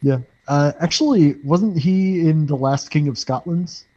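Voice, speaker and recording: A man co-hosting a casual podcast, cracking deadpan jokes. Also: on the high side, measured pace, no room sound, dull audio. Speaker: podcast co-host. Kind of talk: casual chat.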